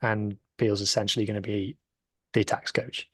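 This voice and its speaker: A man's voice: lowish voice, little pitch movement, normal speed, breathy edge, no echo, clean studio sound. A man on a podcast panel, talking in a chatty, rambling way and leaning on "like". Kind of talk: casual podcast chat.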